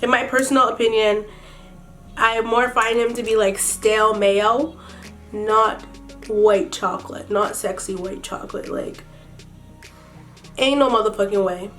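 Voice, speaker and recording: A woman's voice: medium pitch, steady tone, a little slow, long pauses, fairly bright tone, faint music behind. A slightly sick woman doing a makeup tutorial while recapping a reality show in blunt, profane, sassy commentary. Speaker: beauty vlogger.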